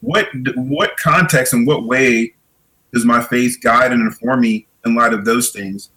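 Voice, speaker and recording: A man's voice: mid-range voice, a little slow, pushed and bright, low-quality recording. A middle-aged man, a podcast guest, talking reflectively in a casual conversation and often repeating words as he thinks.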